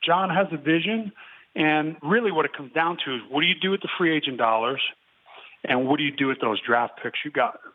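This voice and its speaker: Man, 50s, interview guest, tinny phone sound, higher-pitched, measured and thoughtful. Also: animated. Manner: measured, clears throat often, self-correcting. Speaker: interview guest, football analyst.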